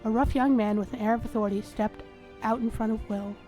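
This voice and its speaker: A woman host reads a story game's first-person narration aloud in a steady way. Her voice is fairly high, and faint music runs underneath. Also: a little fast. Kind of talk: reading a story game aloud.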